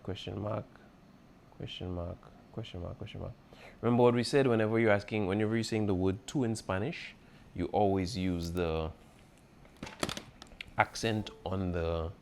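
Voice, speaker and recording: Low-voiced guy teacher going over exam stuff, keeps saying okay?, bit of background hiss. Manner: patient, repeats key points, checks in with "okay?". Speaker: Spanish teacher. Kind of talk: exam review lesson.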